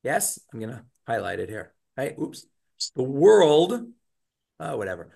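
A man teaching a Torah class over a video call, telling stories in an animated way and acting out the shouting scenes in them. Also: mid-range voice, unhurried, gravelly. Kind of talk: online class lecture with storytelling.

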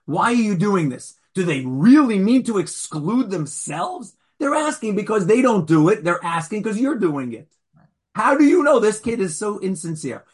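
A rabbi leads an online class, pressing his students with pointed questions. His voice swings widely in pitch and carries a slightly husky edge, heard over a video-call mic. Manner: challenging, Socratic, animated. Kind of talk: interactive online Torah class.

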